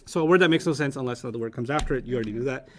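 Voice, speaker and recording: A man's voice: medium pitch, very fast, a little hiss or hum. A man teaching Arabic grammar to young students in a casual, playful, teasing way. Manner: playful, teasing, animated explaining.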